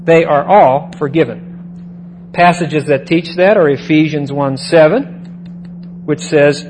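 A man with a fairly high voice teaches from Scripture in a measured sermon style. He repeats his main points and often stops to ask "okay?" A faint hum sits under the recording. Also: darkish tone, low-quality recording. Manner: repeats key phrases and checks in with "okay?". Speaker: Bible teacher. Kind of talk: sermon-style Bible lesson.

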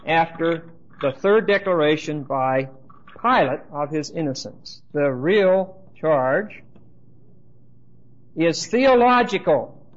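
A man's voice: high-pitched, muffled recording. A man preaching a sermon with emphasis and dry humor, speaking straight to his listeners.

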